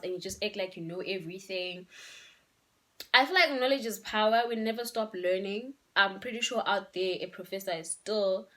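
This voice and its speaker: A woman's voice: mid-range voice, a bit bright. A young woman, giving relationship advice in a casual, emphatic vlog and slipping in local words. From Eswatini. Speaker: vlogger.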